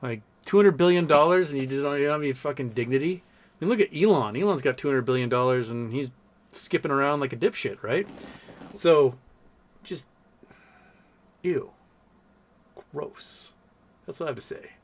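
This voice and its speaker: A man's voice: mid-range voice, expressive, a little fast, pauses often. A man hosting a casual live stream, reading viewer messages aloud and answering them in a blunt, profane, mocking way.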